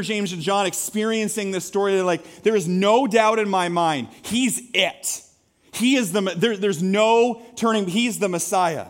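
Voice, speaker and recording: A man preaching a sermon to his congregation, animated and conversational, asking the crowd questions and poking fun at himself. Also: sits high. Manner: animated, conversational, self-mocking humor with audience questions. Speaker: pastor. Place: church sanctuary.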